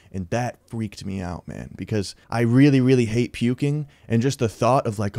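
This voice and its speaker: A young man in his twenties tells a story to the camera in a loose, rambling way. He swears freely and keeps saying dude. His voice sits low and mellow, recorded dry and close. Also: animated, moderate pace, few pauses, no room sound. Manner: laid-back, rambling, swears a lot and says "dude". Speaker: YouTuber telling a story. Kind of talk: casual storytime vlog.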